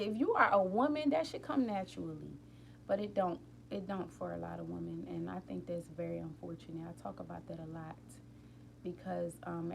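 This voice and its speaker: A woman hosting a casual live stream from home late at night, rambling warmly and talking straight to her viewers about healing and feelings. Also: lowish voice, vocal fry, a little hiss or hum. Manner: openly emotional, tearful at times. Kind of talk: casual inspirational chat.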